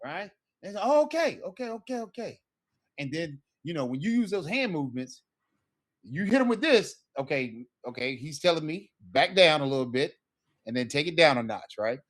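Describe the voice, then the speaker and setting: A man's voice: fairly high pitch, sing-song, normal speed, fairly bright tone. A man teaching a casual Spanish lesson, talking loosely and checking in with "right?" as he acts out sample phrases.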